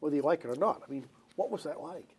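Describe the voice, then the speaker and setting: A man's voice: fairly high pitch, quick pace, very noisy. A man interviewing for an oral history, asking conversational questions that build toward the point.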